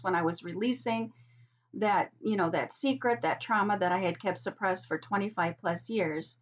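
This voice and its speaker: A middle-aged woman giving a gentle spiritual card reading, soft, earnest and encouraging. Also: a little high, husky. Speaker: oracle card reader. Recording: dull lo-fi sound.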